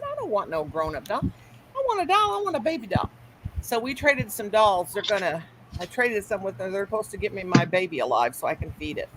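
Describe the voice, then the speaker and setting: A woman hosting a casual crochet live stream, telling animated stories. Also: mid-range voice. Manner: animated storyteller, quotes people with Southern-style grammar. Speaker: crochet channel host. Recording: noisy home live stream.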